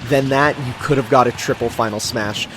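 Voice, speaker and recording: A man's voice: medium pitch, fairly even intonation, fairly quick, over music. A man co-commentating a video game, chatting casually and rambling through trivia with lots of fillers.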